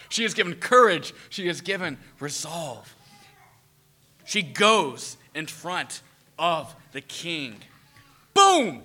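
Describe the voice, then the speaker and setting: A man delivers a sermon in a very bright, slightly high voice. He talks animatedly, throws questions at his listeners and slips into little acted-out voices. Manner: animated, acts out quoted voices, asks the audience questions. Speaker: preacher.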